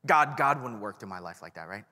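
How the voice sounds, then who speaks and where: A man's voice: fairly low pitch, lively intonation, a little fast, pushed and bright. Casual young man preaching in a hall. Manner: casual and self-deprecating, addresses the crowd directly. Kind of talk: sermon with personal story. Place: large church hall. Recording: long church hall reverb.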